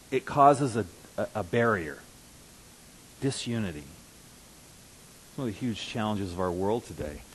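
A man's voice: medium pitch, poor audio. A man preaching a conversational sermon as pastor, who repeats and restarts words and rises to emphatic bursts. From Russia. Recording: faint hiss.

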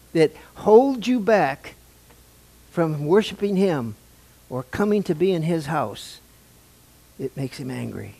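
A man's voice: a little high, darkish tone. Older male pastor preaching conversationally. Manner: conversational preaching, asks the congregation questions. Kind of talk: sermon. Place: church sanctuary.

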